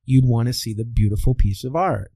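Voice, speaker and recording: A Midwestern American voice coach, speaking as an interview guest, explains things in a teacherly way, posing rhetorical questions and answering them himself. His mid-range voice is fairly quick with a dark tone, and there's no room sound.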